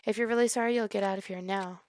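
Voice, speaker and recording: A cool, stern young female detective, read by a woman playing a video game. She speaks curtly and scolds, in a mid-pitched voice. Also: steady tone, quick pace, darkish tone, a little hiss or hum, lightly acted. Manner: curt, scolding.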